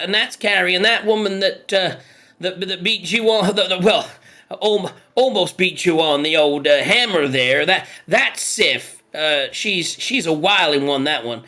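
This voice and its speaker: A man's voice: sits high, sharp tone. A man voicing a cheerful senior North Pole elf leader who stammers and rambles. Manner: hesitant, stammering.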